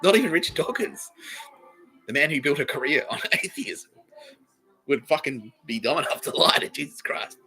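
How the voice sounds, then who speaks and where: A man's voice: medium pitch, normal speed, creaky, pushed and bright, soft background music, rough recording. An Australian man hosting a comedy podcast, rambling through a profane monologue and laughing mid-sentence.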